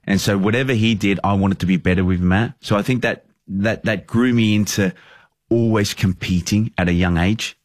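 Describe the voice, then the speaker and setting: Casual: aussie guy around 30 rambling on earnestly, lowish voice, dry close mic. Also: fairly even intonation, normal speed, no room sound. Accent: Australian. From Australia. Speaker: football manager. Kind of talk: casual podcast interview.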